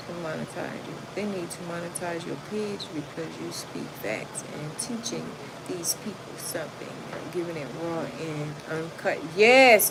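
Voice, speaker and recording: A woman hosting a livestream, reading chat comments and telling stories to her viewers in a loud, animated, casual way, calling them "y'all". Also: fairly low pitch. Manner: animated, loud, talks straight to the audience and calls them y'all. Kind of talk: casual storytelling to a livestream audience. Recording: noisy home livestream.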